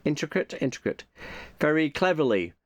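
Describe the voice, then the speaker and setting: A man's voice: fairly high pitch, sing-song, fairly quick, no room sound. A man talking casually and off the cuff, rambling and thinking aloud, often muttering repeated asides to himself. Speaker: YouTuber reviewing his subscriptions.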